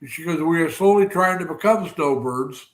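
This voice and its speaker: A man's voice: a little high, moderate pace. A man hosting a casual livestream, rambling and greeting viewers by name with lots of fillers and restarts. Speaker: livestream host.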